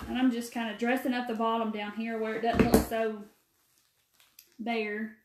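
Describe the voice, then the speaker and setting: A woman with a warm Mississippi drawl hosts a live craft stream, rambling in a folksy way and greeting viewers by name. Her voice sits a little high. The sound carries a roomy echo, as if she were in a bare room. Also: flat delivery, moderate pace, very noisy. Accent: Southern US, Mississippi. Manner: folksy, talkative, answers viewer comments by name. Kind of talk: chatty live craft demo. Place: empty room. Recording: echoey room.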